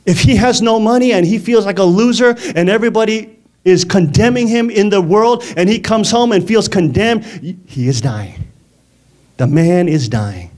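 A man preaching a lively sermon in a conversational way, often laughing and asking the congregation questions. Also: high-pitched.

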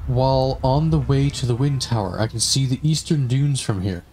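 Moderately paced with hardly any pauses, a man's mid-range, slightly mellow voice carries casual gameplay commentary as he streams. He rambles through stories with lots of fillers and asides, soft music playing in the background.

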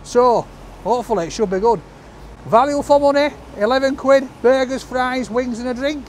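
A man's voice: very high voice, moderate pace, a little hiss or hum. Chatty Yorkshire man vlogging food. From Sheffield, England. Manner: chatty and jokey, calls people love. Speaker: food reviewer. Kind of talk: casual food vlog. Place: takeaway shop and street outside.

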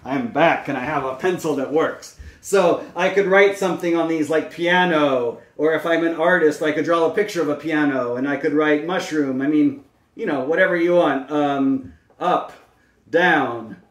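A man's voice: on the high side, moderate pace. Man explaining patiently in a roomy space. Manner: patient step-by-step explaining with fillers. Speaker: speech-language pathologist. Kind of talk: instructional demonstration. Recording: roomy, mic at a distance.

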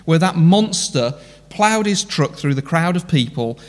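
A man's voice: fairly high pitch, expressive, a little slow. A man preaching an impassioned sermon in a church, full of rhetorical questions. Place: church hall. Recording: long church hall reverb.

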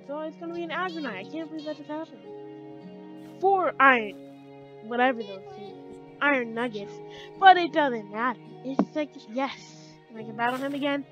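A woman's voice: high voice, a bit bright, lo-fi sound. A woman giving chatty let's play commentary, talking to her game characters as she plays. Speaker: gamer.

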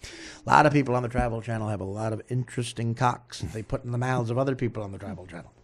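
A comedian hosting a show, delivering a crude, rambling, absurd comic rant. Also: male voice, mid-range voice, quick pace. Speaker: comedian host.

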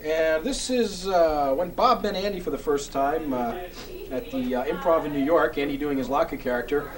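A man's voice: fairly high pitch, a little fast, recorded from a distance, crowd noise. A man hosting a book segment in a comedy sketch, eager and showy as he reads aloud. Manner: eager, showy, exasperated with partner. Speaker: segment host.

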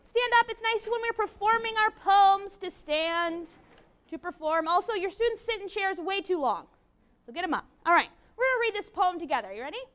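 A woman teaching a college class, lively and encouraging, with a playful manner. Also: very high voice, brisk. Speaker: university lecturer. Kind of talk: classroom lecture.

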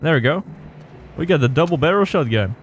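A man's voice: fairly high pitch, animated, fairly quick, slight background noise. A man giving jokey let's-play commentary while playing a video game, laughing often. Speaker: gaming YouTuber. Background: faint game music.

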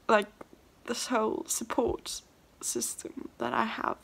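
Slow-talking young woman, gravelly and tearful. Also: fairly high pitch, level tone, fairly bright tone. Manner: tearful, laughing, overwhelmed and breathless. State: crying. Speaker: singer-songwriter vlogging her first song. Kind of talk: emotional personal vlog.

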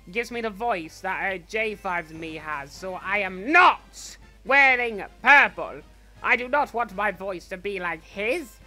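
A man plays a cocky, greedy young male villain who chats boastfully over a game. The voice is bright and forceful, with a lively pitch that leaps up and down. It is in-character gameplay commentary from a fan production. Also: heavily acted. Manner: boastful and chatty. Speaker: fan voice actor playing a character.

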